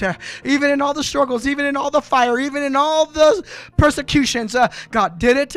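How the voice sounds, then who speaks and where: High bright voiced man preaching an altar call, rhythmic uh-punctuated, dry close sound, soft music. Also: steady tone, fairly quick. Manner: impassioned, rhythmic, with repeated uh breaths. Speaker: pastor. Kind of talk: Pentecostal sermon altar call. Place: church sanctuary.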